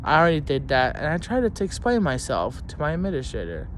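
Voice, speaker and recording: A vlogger telling a story as an angry rant, swearing constantly and shouting at times. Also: medium pitch, wildly swooping pitch, quick pace, slight background noise.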